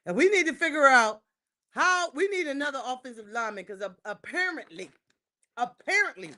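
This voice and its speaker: A woman hosting a livestream, ranting casually to her chat about her football team. She repeats lines for emphasis and swings between shouting and muttering. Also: sits high, sing-song, moderate pace. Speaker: livestream host. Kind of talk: casual sports rant to live chat.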